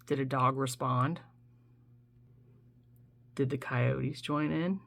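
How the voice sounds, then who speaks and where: A nature show host delivers a playful comic monologue, coaxing listeners and imitating owl, wolf and bullfrog calls. Her voice is extremely low and gravelly, with a steady tone and a slow pace.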